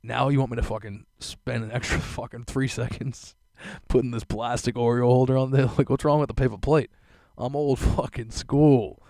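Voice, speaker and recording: Marked by vocal fry, this young man's mid-range voice keeps a moderate pace in a dry recording, close to the mic. Hosting a podcast, he laughs and curses through an animated, storytelling rant in casual chat.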